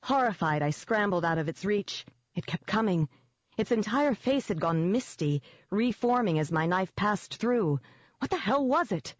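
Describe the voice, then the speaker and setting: A woman's voice: mid-range voice, expressive, normal speed, no room sound, dull audio. Woman narrating a tense audiobook. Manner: tense, vivid storytelling. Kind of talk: first-person scripted narration.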